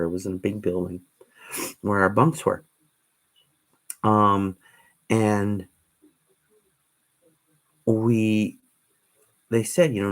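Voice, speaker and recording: A man with a slightly low voice chats on a livestream. He rambles from one story to the next in a loose, meandering way, often stopping to restart his sentences. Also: a little mellow. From Canada. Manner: casual, meandering, with many ums and restarts. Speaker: livestream host.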